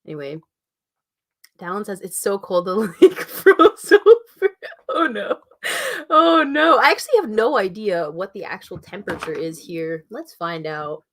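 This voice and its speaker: A woman's voice: medium pitch, very animated, a little slow. A woman in her twenties with a Canadian accent, chatting casually on a livestream, reading out chat messages and laughing often. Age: 20s. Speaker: writing channel host.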